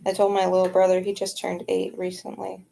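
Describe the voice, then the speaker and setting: A woman's voice: mid-range voice, completely flat delivery, brisk, gravelly, dark tone. A young adult woman talking frankly to camera in a rambling personal vlog. She sounds tired, swears freely, and often sinks into a near whisper. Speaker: vlogger. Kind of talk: candid personal vlog monologue.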